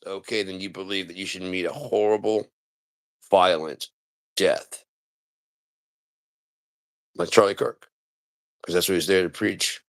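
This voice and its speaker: A deep-voiced man rants sarcastically on a livestream, his low voice rough with a gravelly fry. He mimics the people he mocks and now and then bursts into a shout. The sound is close and dry, with no room around it. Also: no room sound. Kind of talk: live-stream commentary rant.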